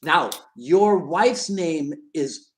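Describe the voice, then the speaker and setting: Man hosting, asking with halting restarts. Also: fairly high pitch, lively intonation, crowd noise. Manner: curious questioning, hesitant restarts. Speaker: podcast host. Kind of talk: casual chat.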